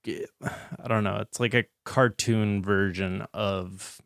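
Man, podcast host, hesitant and searching, low voice, gravelly fry. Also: fairly even intonation, takes it slowly, a bit bright, dry recording, studio quality. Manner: searching, hesitant, filler-heavy. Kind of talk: casual podcast chat.

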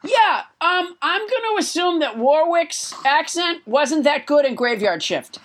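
A woman's voice: sits high, very animated, measured pace. A woman hosting a comedy podcast, rambling with stammered restarts and dry humor. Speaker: podcast host. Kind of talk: comedic banter.

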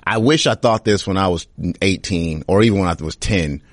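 A young man, a comedian, answering interview questions in a relaxed, rambling way. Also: low-pitched, brisk, dry recording.

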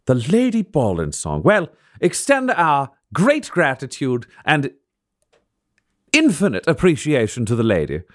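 A man's voice: fairly high pitch, wildly swooping pitch, measured pace, pitched above the performer's own voice. A man voicing a pompous, overly polite male steward in a tabletop game. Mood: courtly.

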